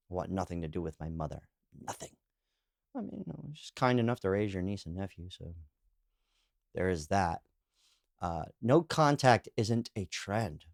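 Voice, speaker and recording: Podcast guy riffing on comments, low voice, loose and candid, lots of you know and like, dry close sound. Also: darkish tone, dry recording. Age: adult, calls himself too old. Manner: rambling and candid, heavy on "you know" and "like" fillers; laughs while telling anecdotes. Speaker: podcast host. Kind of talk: casual solo monologue, reacting to read-out comments.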